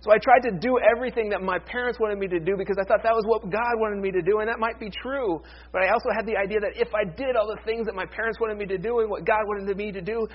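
Guy pastor with a high voice giving a chatty animated sermon, kinda muffled lo-fi sound. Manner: conversational, animated, with playful paraphrases.

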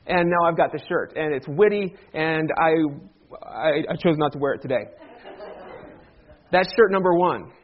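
A man's voice: on the high side, moderate pace, lo-fi sound. A man, a pastor, giving a joking, conversational sermon to his congregation and drawing them into call-and-response. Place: church sanctuary.

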